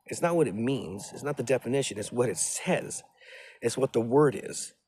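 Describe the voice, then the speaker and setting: A man talks in a long, rambling monologue, agitated and full of profanity. He keeps circling back and repeating his own phrases. His pitch sits in an ordinary middle range. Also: animated, moderate pace, a little mellow, slightly rough.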